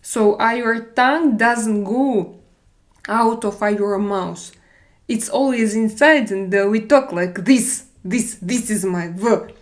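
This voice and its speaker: A woman with a Russian accent chatting casually on a live stream, halting and hesitant, often restarting with fillers. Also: medium pitch. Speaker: livestream host reading chat.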